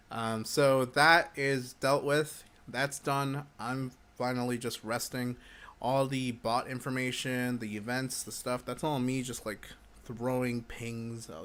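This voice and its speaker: A man's voice: medium pitch, fairly bright tone, a little hiss or hum. A man hosting a casual livestream Q&A for a game community, chewing gum and feeling hyper, rambling and breaking off his own sentences as he answers viewer questions. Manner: chatty, rambling, self-interrupting.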